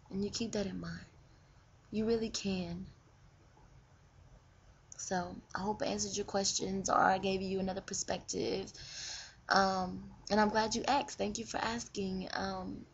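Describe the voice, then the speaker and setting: A woman's voice: medium pitch, creaky. A woman vlogger giving relationship advice in a casual, earnest and frank way, often repeating herself. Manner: earnest, repetitive, frank with occasional cursing. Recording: dull lo-fi webcam audio with faint hiss.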